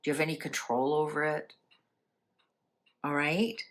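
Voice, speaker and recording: A woman's voice: low voice, normal speed. A woman hosting a casual spiritual talk, speaking conversationally and asking many rhetorical questions. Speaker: channel host.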